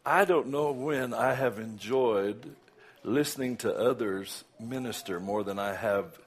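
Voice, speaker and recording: An older guest preacher with a Southern US accent and a lowish voice chats casually ahead of his sermon, amid background noise. He laughs between asides, and when he praises, his voice swells loud and slow.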